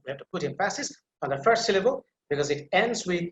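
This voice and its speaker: A male teacher giving a pronunciation lecture, repeating example words slowly and stressing their syllables, a native Bengali speaker. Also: high-pitched, animated, a bit bright, reverberant, highs cut off, a little hiss or hum. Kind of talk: online lecture.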